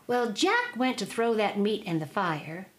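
A woman spins an old folk tale aloud. Her drawling delivery rises and falls with lively, animated pitch. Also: unhurried. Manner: drawling, expressive oral telling. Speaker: storyteller.

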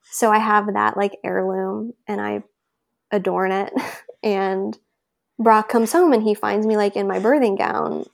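Gravelly-voiced woman telling a story. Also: mid-range voice, fairly even intonation, unhurried. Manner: chatty, loose, many filler words. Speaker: guest telling her birth story. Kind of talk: casual conversational storytelling.

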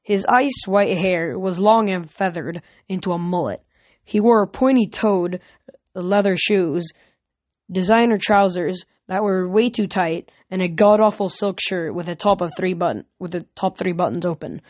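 A woman's voice: lowish voice, a little slow, darkish tone, dry recording. A woman reading a novel aloud in a casual way, often correcting herself. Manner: casual, frequent self-corrections. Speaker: reader.

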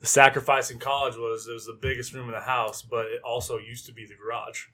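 A man's voice: medium pitch, level tone, quick pace, sharp tone. A man co-hosting a podcast in casual chat, laughing often and swearing freely. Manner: laughing, joking, profane. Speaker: podcast co-host.

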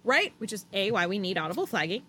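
A woman's voice: medium pitch, big pitch swings, quick pace, sharp tone, breathy edge. A woman co-hosting a casual podcast chat, talking freely, swearing and acting out what others said. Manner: chatty, swears, acts out drivers' lines. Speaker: podcast co-host. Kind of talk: casual chat about motor racing.

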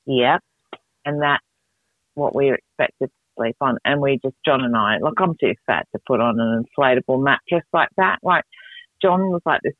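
A middle-aged woman, telling stories in a casual podcast chat, animated and quick to laugh. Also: dry recording. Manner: animated, laughing, jumps between pitches. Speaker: podcast co-host. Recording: tinny phone-like dry sound.

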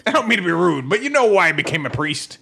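A man's voice: high-pitched, big pitch swings, fast talker, creaky, bright, forceful tone, slight background noise, exaggerated voice. A man voicing a complaining male dwarf priest who groans about his arthritis. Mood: grumbling.

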